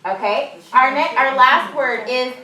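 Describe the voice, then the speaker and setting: A woman teacher runs a small-group phonics lesson and pauses to explain it to other teachers. She draws out sounds and sentences slowly and clearly for the children. The recording is echoey and taken from a distance across the classroom, with a faint hiss behind her. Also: high-pitched, bright, forceful tone. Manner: clear, drawn-out classroom prompting.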